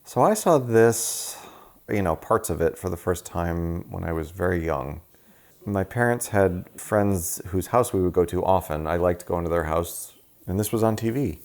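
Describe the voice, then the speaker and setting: Deep dude cohosting a movie podcast, dry jokey way of talking. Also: male voice, normal speed, darkish tone. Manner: dry, joking delivery. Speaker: podcast co-host. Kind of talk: casual movie-review chat.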